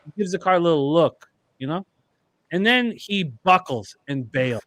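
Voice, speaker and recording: Man, high pitch, casual rambling storyteller, profane, dry recording. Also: lively intonation, normal speed, a bit bright, no echo. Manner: rambling, profane, laughs while telling stories. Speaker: podcast co-host.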